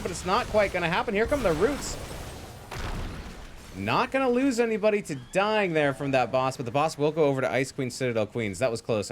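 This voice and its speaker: A man casting a live esports match, excitable and jokey, quick to laugh and riff on the action. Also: medium pitch, a little hiss or hum. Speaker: esports play-by-play caster. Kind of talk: lively live game commentary.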